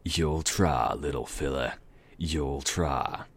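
A mocking undead stallion drawls his threats in a Southern accent, slow and sure of himself. A man with a very deep voice puts him on in a storybook reading, rumbling and low. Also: slightly rough, exaggerated voice. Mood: taunting. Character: menacing undead stallion Death, mocking and cocky.

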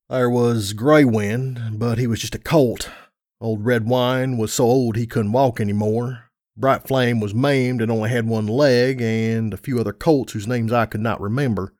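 A man's voice: medium pitch, darkish tone, no echo, studio quality. A man narrating a first-person fan story in an earnest, dramatic way.

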